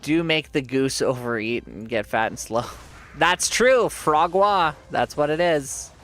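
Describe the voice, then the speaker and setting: A man's voice: mid-range voice, unhurried, soft background music. A man streaming a game, giving casual commentary while chatting with his viewers, joking at his own expense and laughing often.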